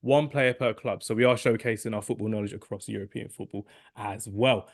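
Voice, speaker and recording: Male podcast host, rambling and excitable, hoarse today, dry close sound. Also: fairly low pitch, brisk, no echo. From England. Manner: rambling, excitable, self-correcting. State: losing his voice. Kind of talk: casual podcast chat.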